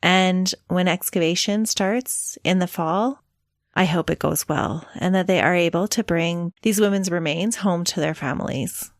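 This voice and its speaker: A woman's voice: lowish voice, unhurried, no room sound, clean studio sound. A woman co-hosting a casual podcast, chatty and giggly, often tripping over her words. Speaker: podcast co-host.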